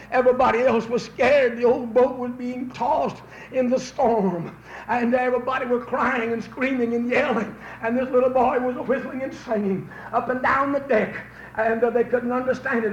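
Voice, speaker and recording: A man preaching a revival sermon, telling folksy stories that build into fervent shouts. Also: extremely high pitch. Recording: roomy, dull old recording with faint hiss.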